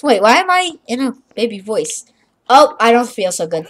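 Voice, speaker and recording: A woman's voice: on the high side, sing-song, moderate pace. A young woman casually chatting while she plays a game, playful and silly, narrating her own moves. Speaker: channel host playing a game. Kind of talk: casual gameplay chat.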